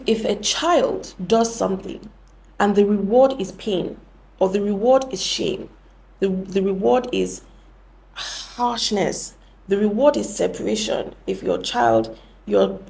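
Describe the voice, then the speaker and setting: A woman's voice: medium pitch, animated, slow pace, vocal fry, darkish tone. A young woman hosting a podcast, explaining things earnestly and often correcting herself mid-sentence. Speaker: podcast host. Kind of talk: reflective podcast talk.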